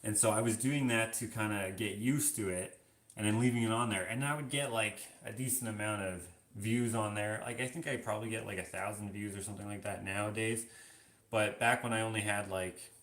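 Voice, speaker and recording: In a lowish, slightly bright voice, a man answers viewer questions on his live stream, reading their comments out loud. His answers are relaxed and loose, with lots of filler, and the recording has a roomy echo.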